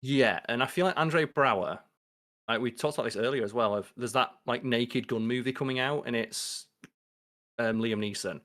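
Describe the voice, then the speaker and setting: A man co-hosting a podcast in casual chat, animated and swearing freely as he acts out quoted lines. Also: mid-range voice, moderate pace. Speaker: podcast co-host.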